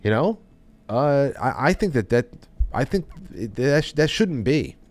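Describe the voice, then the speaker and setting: This man hosts a podcast and speaks unhurriedly in a medium pitch, very animated throughout. His casual chat wanders, full of restarts and sentences that trail away.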